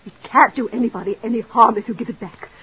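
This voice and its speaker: An actress playing a desperate jealous wife. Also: female voice, on the high side, quick pace, a little hiss or hum, lightly acted. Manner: pleading, overwrought, breathless. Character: desperate jealous married woman, Mrs. Bradley. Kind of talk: 1940s radio drama acting. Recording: dull old radio recording.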